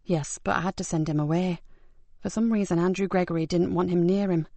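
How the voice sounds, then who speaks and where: A woman voicing a weary female hospital doctor who talks in a low, somber, blunt way. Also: steady tone, fairly quick, dark tone, no echo, lightly acted.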